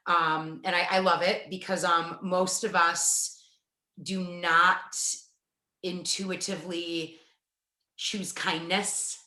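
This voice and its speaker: A woman hosting an interview, her voice low-pitched but bright and forceful. She talks with enthusiasm and slows down to stress key words. The room is echoey and roomy. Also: flat delivery. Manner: warm, enthusiastic, slows down for emphasis. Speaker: podcast host. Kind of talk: casual interview chat.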